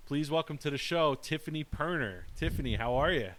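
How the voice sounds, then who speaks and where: A man hosting a casual podcast, talking haltingly with many fillers and restarts. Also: on the high side, lively intonation, a bit bright, slight background noise. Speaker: podcast host.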